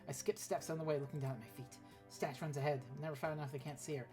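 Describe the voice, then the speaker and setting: Fast-reading low-voiced woman streamer. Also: faint music behind. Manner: rapid, lively reading with offhand asides and swearing. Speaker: streamer playing a text game. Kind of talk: reading a text adventure aloud on stream.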